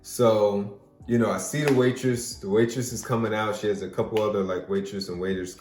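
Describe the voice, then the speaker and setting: A man's voice: on the low side, a little fast. A man casually telling a personal story as a podcast host, rambling with lots of fillers. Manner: relaxed, rambling, many fillers. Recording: roomy echo, faint music.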